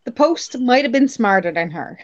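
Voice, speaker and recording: A woman's voice: on the high side, expressive, moderate pace, muffled recording, heavy background noise. A woman from Newfoundland with a faint Newfoundland accent, telling stories in a casual group chat and laughing often. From Newfoundland, Canada. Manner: chatty storyteller, laughs often.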